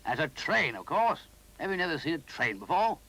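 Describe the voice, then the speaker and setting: A man voicing a fussy, cross brownie in a storybook reading, brisk and bossy. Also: on the high side, sing-song, sharp tone, pitched above the performer's own voice, full character voice. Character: Big Ears, cross fussy old brownie.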